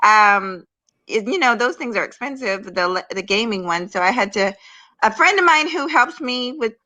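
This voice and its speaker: A woman's voice: a little high, animated, moderate pace, sharp tone, rough recording. A woman chatting casually as a guest from her bed, drowsy from medication and hesitant, stammering as she talks. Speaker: guest on a live stream. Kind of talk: casual chat. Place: in bed at home.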